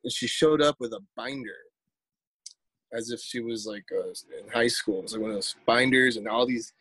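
A man's voice: mid-range voice, normal speed, a bit bright, breathy edge, no room sound. A man, a poet telling a story in a casual interview, rambling and repeating words as he acts out quotes.

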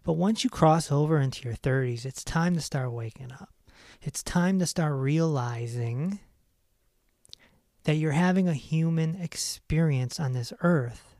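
A man hosting a self-help podcast, talking in an emphatic, animated way and laughing at his own stories. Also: on the high side, measured pace, dry recording, studio quality. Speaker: podcast host. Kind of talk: casual self-help monologue.

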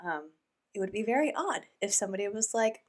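A woman hosts a reaction commentary with a sarcastic, incredulous edge. Her voice sits at a middle pitch, and her delivery is animated. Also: a little fast. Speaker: commentary host.

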